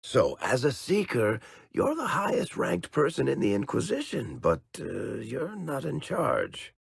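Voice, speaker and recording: A man's voice: medium pitch, huge pitch swings, unhurried, creaky, slightly rough, no echo, clean studio sound, full character voice. An actor playing a wry, teasing middle-aged male dwarf storyteller in sarcastic video game companion banter.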